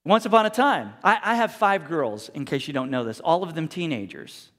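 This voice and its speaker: A man in his forties preaching a sermon as pastor, conversational and animated, often correcting himself mid-sentence. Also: a little high, moderate pace. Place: church sanctuary. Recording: long hall reverb.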